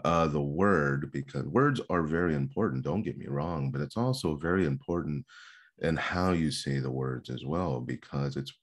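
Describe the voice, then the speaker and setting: Man, extremely deep voice, speech instructor, seminar lecture, emphatic, repeats words. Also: moderate pace. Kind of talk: seminar lecture on public speaking.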